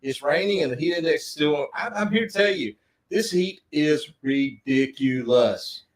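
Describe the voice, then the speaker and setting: A man's voice: on the high side, animated, moderate pace, background noise. A middle-aged man, chatting casually on a livestream and greeting viewers by name. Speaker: livestream co-host.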